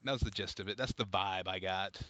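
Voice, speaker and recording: A man with a bright, forceful voice hosts a loose comedy podcast. He rambles wryly and pokes fun at himself. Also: deep voice, brisk, dry recording. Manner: wry, rambling, self-deprecating. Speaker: podcast host. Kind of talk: casual comedy podcast chat.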